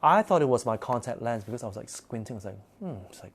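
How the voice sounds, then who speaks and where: A man's voice: mid-range voice, big pitch swings, a little fast, few pauses, a little mellow. A man telling a personal story in a casual, rambling way, full of fillers and restarts. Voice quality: rambling, filler-heavy delivery with frequent restarts.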